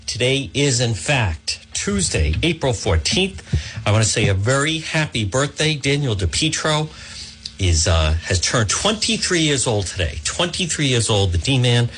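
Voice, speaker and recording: A man's voice: mid-range voice, very animated, a little slow, a bit bright, soft background music. Middle-aged male radio talk host. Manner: rambling, repeats phrases, many fillers. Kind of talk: casual talk radio monologue with live reads. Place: radio studio.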